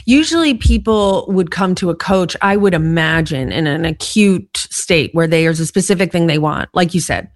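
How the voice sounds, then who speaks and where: A woman hosts a podcast and asks her guest curious questions in a relaxed, conversational way. Her voice sits on the lower side, and the recording is close and dry with no room sound. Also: moderate pace, few pauses, dry recording. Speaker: podcast host. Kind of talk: interview questions.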